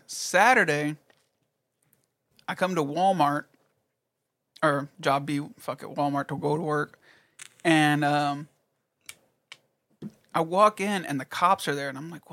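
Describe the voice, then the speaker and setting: A young man in casual chat with friends, telling an animated story, swearing freely and acting out what people said. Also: fairly high pitch, a little slow, long pauses. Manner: animated storytelling, heavy swearing, acts out quotes.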